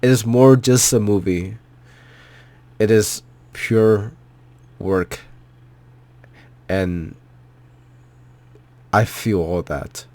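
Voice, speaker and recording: A man's voice: lowish voice, extremely slow, pauses often, dark tone. A man giving an emotional, heartfelt movie reaction, choked up and near tears, repeating himself and swearing. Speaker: vlogger.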